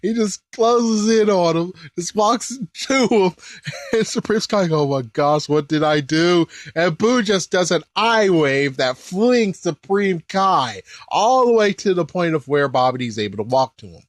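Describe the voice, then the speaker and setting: A man hosting a casual episode commentary, excitable and chuckling, with mild swearing. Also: high voice, measured pace, no room sound. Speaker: anime reaction host.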